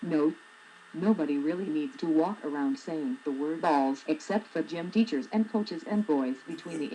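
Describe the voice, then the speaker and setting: A woman's voice: deep voice, mellow, slight background noise, low-quality recording. A woman in her forties, a blogger reading her own humorous essay aloud with a wry, sarcastic manner. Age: 40s.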